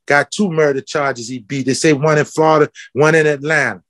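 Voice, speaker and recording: A fiery man, speaking in a fairly high register. He preaches and calls people out with question after question. His voice sounds close and dry, with no room echo. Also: steady tone, a little fast, a bit bright. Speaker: footwear company founder. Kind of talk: passionate interview talk.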